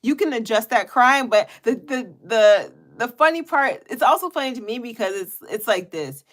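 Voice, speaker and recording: A woman chatting casually to her viewers in a weekly live check-in video. She laughs often and throws in animated quoted asides. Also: on the high side, moderate pace. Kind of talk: casual chat. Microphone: headphones on.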